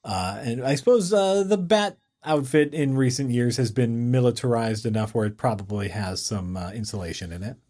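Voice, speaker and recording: A man co-hosting a casual chat, talking in a rambling, enthusiastic way full of fillers and restarts, and quick to laugh. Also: mid-range voice, warm tone.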